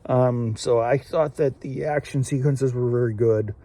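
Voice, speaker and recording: A man's voice: mid-range voice, steady tone, a little slow, mellow. A man hosting a casual solo episode review, rambling with many fillers and restarts. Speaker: show host reviewing an anime episode.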